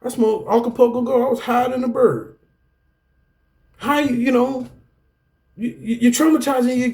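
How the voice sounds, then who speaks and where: A middle-aged man with a fairly high voice speaks in an anger management class. He tells his own story like a preacher, animated and direct, and keeps calling out to the listeners. He often swings his pitch up and down for emphasis. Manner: animated, preacherly, repeats "guess what" and "y'all". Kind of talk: personal testimony lecture.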